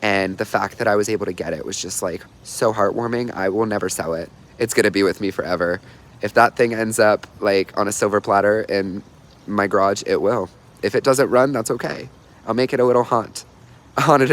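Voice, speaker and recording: A man's voice: lowish voice, a little fast. A young man chatting casually on a livestream, bubbly and talkative, reading viewer comments and telling stories. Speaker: livestream host.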